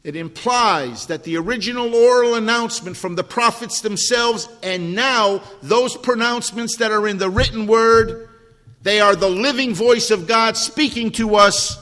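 A man's voice: sits high, unhurried, fairly bright tone. An older man preaching a sermon, emphatic, repeating key words and asking the congregation questions. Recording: long hall reverb.

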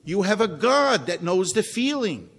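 A man's voice: high-pitched, sing-song, measured pace, fairly bright tone, breathy edge, long reverb tail. A pastor preaching a sermon to his congregation in a conversational way, asking them questions as he goes. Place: church sanctuary, also streamed online.

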